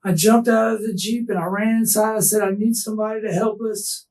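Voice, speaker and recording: A distraught, tearful man being interrogated, talking haltingly and restarting his sentences. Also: high-pitched, steady tone, darkish tone, recorded from a distance, rough recording. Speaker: murder suspect under interrogation. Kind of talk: police interrogation.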